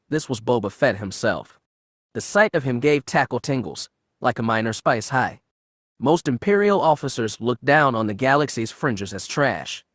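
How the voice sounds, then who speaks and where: A man's voice: medium pitch, a bit bright, no echo, clean studio sound. A man reading a science-fiction audiobook aloud, shading his voice a little for each character. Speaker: audiobook narrator. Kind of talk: scripted audiobook narration.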